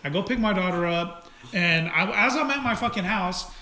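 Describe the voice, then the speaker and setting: A man tells a story in casual chat, animated and full of swearing. His voice sits high and bright. The room is roomy and echoey, with a faint hiss behind him. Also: moderate pace.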